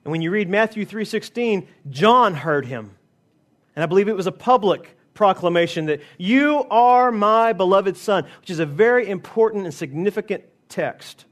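High-voiced man preaching a sermon. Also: expressive. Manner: emphatic preaching, slowing to stress key phrases. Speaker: pastor.

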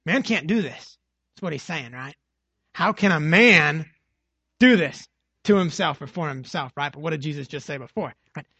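Male preacher, husky and slightly high-pitched, emphatic teaching delivery with rhetorical check-ins, dry lo-fi recording. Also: brisk, fairly bright tone, no room sound. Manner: emphatic, repeats phrases with rhetorical "right?". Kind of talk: expository sermon.

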